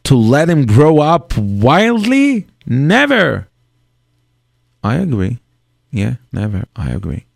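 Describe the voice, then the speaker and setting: Gravelly rabbi teaching in slow earnest English. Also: male voice, medium pitch, wildly swooping pitch, dry recording, clean studio sound. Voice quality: non-native English grammar. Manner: earnest, acts out parent and child in dialogue. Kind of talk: Torah lecture on parenting.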